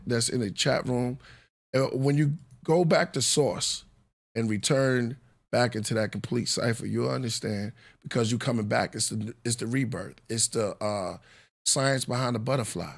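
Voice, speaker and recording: A low, gravelly man with a New York accent hosts a live podcast. He muses loosely and philosophically, pausing on fillers as he goes. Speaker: podcast host. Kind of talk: casual live podcast talk.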